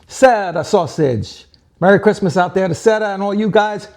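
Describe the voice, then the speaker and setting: A man's voice: high voice, normal speed, background noise. A man hosting a cooking show, talking viewers through a recipe in a chatty, joking way and calling them folks, with eager plugs for a sponsor. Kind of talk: casual cooking demonstration.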